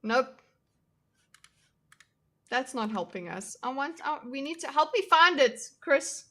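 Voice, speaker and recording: A young woman hosts a casual livestream, chatting with her viewers. Her voice sits a little high with a bright, forward edge. She is jokey and self-deprecating and laughs easily. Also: animated, slow pace. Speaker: livestream host. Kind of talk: casual livestream chat reacting to chat.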